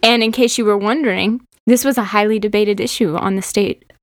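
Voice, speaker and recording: A woman's voice: mid-range voice, fairly even intonation, brisk, no room sound, clean studio sound. A woman from Oklahoma chatting casually as a co-host, explaining state trivia in a talkative way. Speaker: teacher co-host. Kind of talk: casual chat.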